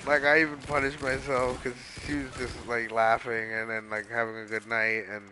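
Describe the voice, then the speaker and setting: A man's voice: medium pitch, level tone, moderate pace, background noise. A man casually telling a long story while playing a video game, rambling with lots of swearing and fillers. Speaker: gaming streamer.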